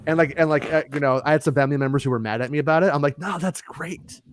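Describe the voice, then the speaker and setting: A man's voice: a little high, very fast, dry recording, studio quality. A man chatting casually on a podcast, telling stories in a rambling way with many restarts and fillers. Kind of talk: casual chat.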